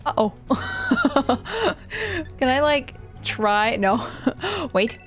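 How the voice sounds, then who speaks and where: A young woman streaming a video game live, reacting out loud with giggles and emotional comments. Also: high voice, wildly swooping pitch, very slow. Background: faint game music.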